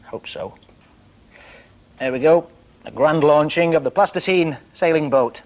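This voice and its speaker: A man presenting a children's TV show, talking gently and playfully to young viewers. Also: a little high, a little slow.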